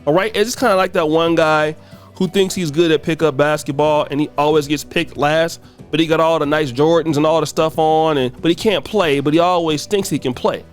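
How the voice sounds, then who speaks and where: A man hosting a casual reaction commentary, talking in an animated way and repeating words as he gets worked up. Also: brisk, soft background music. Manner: animated, voice jumps high when incredulous. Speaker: commentary video host.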